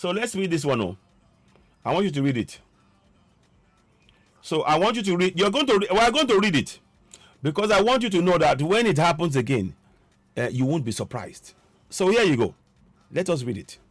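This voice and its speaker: A man delivering an impassioned political monologue, forceful and repetitive, with a preaching cadence. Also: fairly high pitch, very animated, moderate pace, long pauses, no room sound, faint music behind. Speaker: political commentator.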